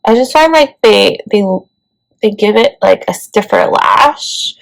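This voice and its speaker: Animated and in no rush, a woman with a creaky, high-leaning voice talks through a makeup tutorial as a beauty vlogger. She's chatty and keeps saying "like" and "let me tell you." The recording quality is low.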